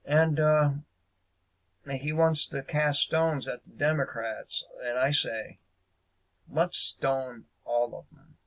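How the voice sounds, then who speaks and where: A man's voice: mid-range voice, fairly even intonation, slow, a bit bright, low-quality recording. A man hosting a casual political commentary show, speaking hesitantly with lots of fillers and a sarcastic edge.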